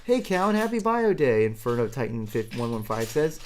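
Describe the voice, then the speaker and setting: A man's voice: mid-range voice, big pitch swings, a little fast, slight background noise. A man streaming live, answering viewer chat in a rambling, self-deprecating way and chuckling often.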